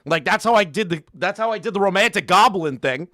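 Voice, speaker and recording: Commentary guy ranting, cursing and mocking, kinda high voice, really dry close sound. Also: animated, brisk, sharp tone, no room sound. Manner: profane, mocking, laughing between rants. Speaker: commentary channel host.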